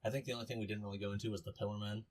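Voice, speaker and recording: A young man on a podcast, talking in an easy, offhand way. His voice sits a little low. He chats casually and sums things up in plain terms. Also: steady tone, racing, a little mellow, slight background noise. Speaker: podcast co-host. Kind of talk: casual chat.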